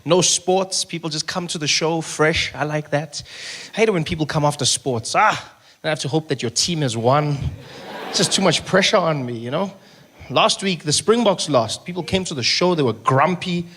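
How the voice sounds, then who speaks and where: A man with a South African accent performing an animated stand-up comedy set at a live venue, often slipping into character voices. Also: a little high, moderate pace. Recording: noisy live room recording, some echo.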